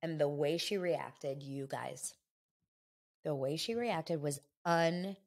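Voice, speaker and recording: A woman hosting a podcast, gossiping in a chatty, animated and opinionated way. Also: low-pitched, slow pace. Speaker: podcast host. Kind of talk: casual gossip chat.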